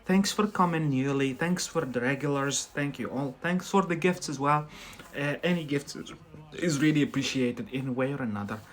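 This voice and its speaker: A man's voice: medium pitch, normal speed. Chatty man with a Scottish-tinged accent. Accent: Scottish-influenced English. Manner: chatty, reassuring, repeats "yeah?" often. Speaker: English teacher, live stream host. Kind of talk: casual live-stream English lesson.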